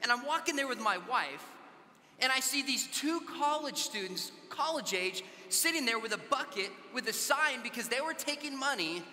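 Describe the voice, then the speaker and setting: A man's voice: very high voice, animated, moderate pace, bright, forceful tone, in a large hall. A man from Southern California speaking to a youth conference, telling conversational stories and acting out the dialogue. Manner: conversational, acts out dialogue in anecdotes. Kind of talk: storytelling talk to a youth audience. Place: large conference hall.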